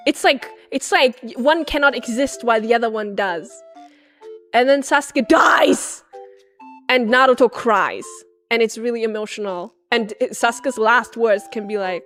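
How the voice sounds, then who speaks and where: A woman streamer rambling through a comedic plot recap, excitable and bursting into shouts. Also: on the high side, normal speed, soft background music.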